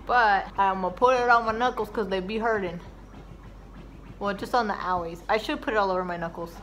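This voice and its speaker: A woman's voice: mid-range voice, fairly bright tone, a little hiss or hum. A young woman chatting playfully to camera at home as a vlogger, joking around. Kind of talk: casual chat to camera. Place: indoors at home, windy outside.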